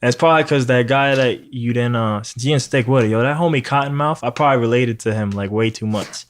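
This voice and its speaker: A man chats loosely on his podcast. He rambles and swears freely, and his voice sits at an ordinary middle pitch. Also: fast talker. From New York. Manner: profane, rambling, animated storytelling. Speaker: podcast host. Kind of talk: casual chat.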